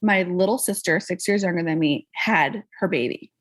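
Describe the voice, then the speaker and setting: Husky-voiced woman telling a story. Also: normal speed. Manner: animated, acts out quoted people with pitch jumps. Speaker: podcast guest. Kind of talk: casual conversational storytelling.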